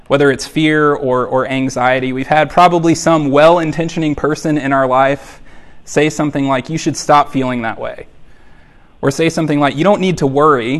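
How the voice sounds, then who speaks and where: A man preaching a sermon in a conversational, emphatic way, with fillers and repeated phrases. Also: fairly high pitch. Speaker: pastor.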